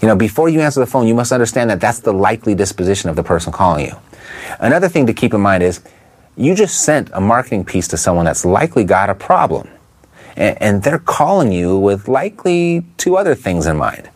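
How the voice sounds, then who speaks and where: Animated man coaching on sales calls. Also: fairly low pitch. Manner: emphatic, asks quick rhetorical questions. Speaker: real estate investing coach. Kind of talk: instructional talk.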